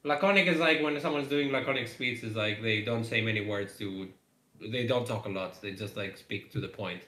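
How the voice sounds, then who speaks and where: Bright-voiced man chatting in a roomy echo. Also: fairly low pitch, fairly quick, a little hiss or hum. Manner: rambling, many fillers, frequent laughs. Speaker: game developer streaming live. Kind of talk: casual live-stream chat.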